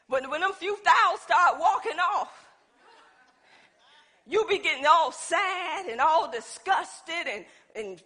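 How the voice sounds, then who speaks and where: A woman's voice: sits high, sharp tone. A woman preaching a sermon, calling on the congregation to respond, folksy and emphatic.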